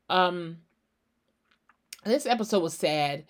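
A woman's voice: low voice, measured pace, pauses often, clean tone. Sassy woman gossiping on her podcast. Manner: sassy, blunt, talks straight at the person discussed; swears freely. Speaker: podcast host. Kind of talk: casual solo celebrity gossip chat.

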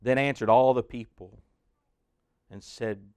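A man narrating a sermon in a raised, fairly high register, his voice smooth and clear. He talks straight to the listener as "you", building to loud peaks and sinking to hushed lows. The sound is dry and close. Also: animated, measured pace, no room sound. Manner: addresses the listener as "you", swelling loud then dropping hushed. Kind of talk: dramatic guided sermon narration.

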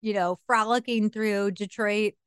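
A woman in her forties co-hosting a casual podcast, telling stories in an animated way and laughing often. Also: medium pitch, a little slow, background noise. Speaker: podcast co-host. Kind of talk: casual chat.

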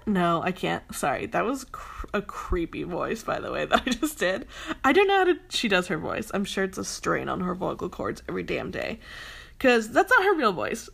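A woman's voice: fairly high pitch, very animated, normal speed, vocal fry, fairly bright tone. A young woman ranting heatedly in a commentary vlog, emphatic and swearing often, with a lot of "like" fillers. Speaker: commentary vlogger.

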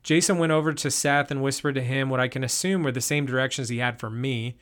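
Dude telling a campfire-style story in first person, steady even read. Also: male voice, medium pitch, fast talker.

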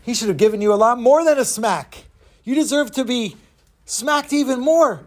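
A man's voice: very high voice, moderate pace, pitched above the performer's own voice. A man voicing a blunt male follower who defends his teacher.

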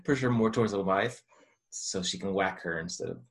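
A man's voice: low voice, a little fast. A man co-hosting a podcast, telling casual stories in a rambling way. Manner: rambling, many "like" fillers. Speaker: podcast co-host. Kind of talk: casual chat.

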